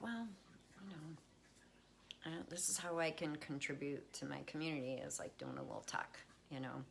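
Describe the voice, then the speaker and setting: A low-pitched woman speaks in a relaxed, chatty way as she hosts a wellness check-in from home. A faint hum of household noise sits under her voice. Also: vocal fry. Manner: chatty, reassuring, talks baby talk to her cat. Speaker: wellness talk host. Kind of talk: casual livestream talk. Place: at home with pets.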